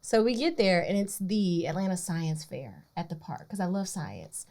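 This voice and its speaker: A woman's voice: lowish voice, lively intonation, moderate pace, warm tone. Woman, podcast co-host, reactive and joking. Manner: chimes in with short reactions and jokes. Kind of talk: casual chat.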